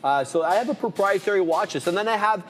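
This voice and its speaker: A man's voice: sits high, fast, in a large hall, faint music behind. A man co-hosting a live trading show, casually rambling through his watch list. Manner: relaxed, rambling, lists stock names.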